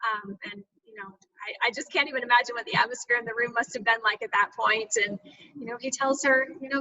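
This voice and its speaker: A woman's voice: fairly high pitch, steady tone, normal speed, pushed and bright. A woman author retelling a Bible story and reflecting on it earnestly, with frequent fillers, over a video call. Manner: earnest, reflective, many fillers like "you know". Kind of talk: reflective personal storytelling in an interview. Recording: distant video call audio.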